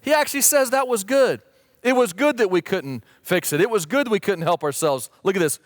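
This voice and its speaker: An earnest male pastor preaching a sermon in a fairly high voice. He is emphatic and builds into pleading questions. The sound is close and dry. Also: lively intonation, brisk, no room sound. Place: church stage or studio, streamed online.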